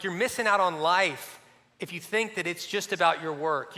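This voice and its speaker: A middle-aged male pastor delivers a sermon with a high, bright voice that rings with energy. He talks conversationally and throws in playful asides. A long reverb trails behind him from the church hall.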